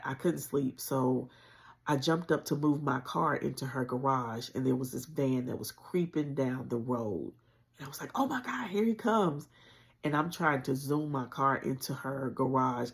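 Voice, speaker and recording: A woman with a gravelly, fry-tinged voice recounts a frightening chapter of her life to her livestream audience. She speaks earnestly and conversationally, and her words carry strong spiritual conviction. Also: very deep voice, steady tone, normal speed. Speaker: channel host sharing a personal story. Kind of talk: emotional personal storytelling on a livestream.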